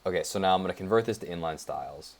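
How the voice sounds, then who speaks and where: A man's voice: sits low, very fast. A young man casually thinking aloud as he walks through his code in a tutorial, with lots of fillers and side remarks. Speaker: web developer. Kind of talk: casual screencast coding tutorial.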